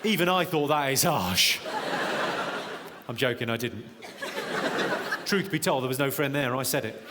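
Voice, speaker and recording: A man's voice: medium pitch, animated, very noisy. Male stand-up, dry teasing crowd work, live theater reverb. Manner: dry, quick-witted, teasing the audience. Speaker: stand-up comedian. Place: large theater stage. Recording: reverberant hall, loud audience laughter.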